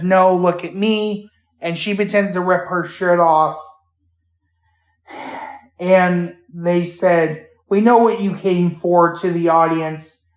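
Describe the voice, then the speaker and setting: Slow-talking man in an echoey room. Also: high-pitched. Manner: halting, with many fillers and restarts. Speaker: podcast host. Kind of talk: casual retelling of a theme park show. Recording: roomy echo.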